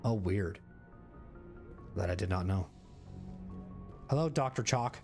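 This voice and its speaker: A man's voice: low-pitched, expressive, slow pace, a little mellow, soft background music. A man streaming a video game, chatting casually in a rambling, cursing way. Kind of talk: casual gaming commentary.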